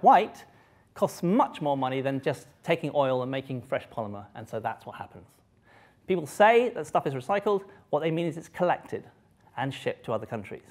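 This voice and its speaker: A man giving a live science lecture to an audience, lively and joking, often breaking off and restarting his sentences. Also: fairly high pitch. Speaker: public lecturer. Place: lecture hall.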